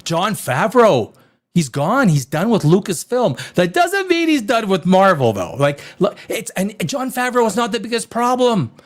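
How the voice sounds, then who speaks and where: Rowdy high-voiced male live-stream host. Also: moderate pace. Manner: loud, rambling, swearing, reading chat comments aloud; animated, swings between shouting and muttering. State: tipsy from wine.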